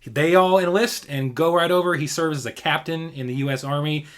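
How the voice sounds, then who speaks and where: A man's voice: a little high, fairly quick. A man from Georgia co-hosting a casual podcast, animatedly retelling a movie plot with jokes. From Georgia, USA. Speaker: podcast co-host. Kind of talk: casual chat.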